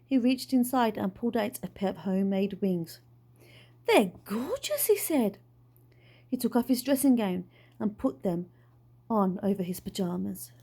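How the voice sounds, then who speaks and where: A woman reading a children's storybook aloud in an expressive, unhurried way. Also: mid-range voice, creaky. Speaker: storybook reader. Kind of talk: children's book read-aloud.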